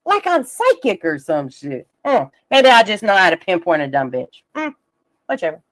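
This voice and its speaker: A woman's voice: medium pitch, sing-song, normal speed, a bit bright. A woman streaming live, ranting about online drama in a profane, combative, mocking way, reading out messages and jabbing at critics. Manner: reads messages aloud, laughs between jabs.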